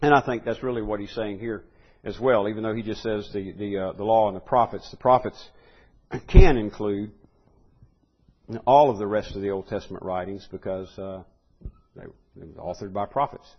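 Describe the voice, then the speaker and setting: A man's voice: on the low side, fairly even intonation, fairly quick, dull audio. A man teaching a Bible lesson, thinking aloud with fillers and restarts, then building to emphatic repeated phrases.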